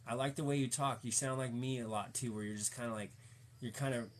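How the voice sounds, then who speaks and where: Casual streamer, male, mid-pitched, slangy and profane, rambles and preaches with fired-up energy. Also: steady tone, a little fast, slight background noise.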